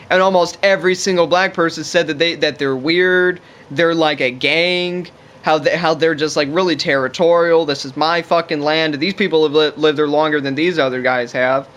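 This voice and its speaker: A man with a fairly high voice rambles through a casual, profane monologue to camera. He piles on fillers like "you know" and "like" as he talks. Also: fairly bright tone. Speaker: vlogger.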